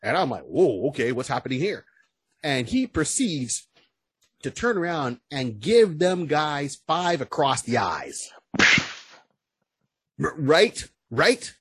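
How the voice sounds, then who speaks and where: A man co-hosting a podcast in casual chat. He sounds very husky and a bit high, with pitch that jumps around as he gets worked up. He stammers and whoops, and the sound is dry and close. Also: slow pace, pauses often, no echo. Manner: excitable, stammering restarts, whoops. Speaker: podcast co-host.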